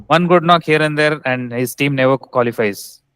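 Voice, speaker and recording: A man's voice: medium pitch, moderate pace, a bit bright, poor audio. A man co-hosting a cricket podcast, giving opinionated, blunt verdicts in casual chat.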